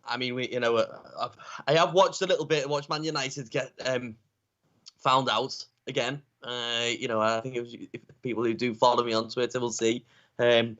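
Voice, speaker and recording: A man speaking as a guest on a casual live football chat, rambling and halting with lots of "you know" and ums. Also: mid-range voice, fairly even intonation, a bit bright, dull audio. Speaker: guest pundit.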